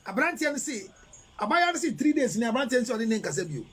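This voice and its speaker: A man's voice: very high-pitched, sing-song, fast, a bit bright, husky. A middle-aged man with a Ghanaian English accent, giving relationship advice on a live stream in an emphatic, lecturing way with rhetorical questions. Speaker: relationship counselor. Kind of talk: live-stream advice talk, reading viewer messages.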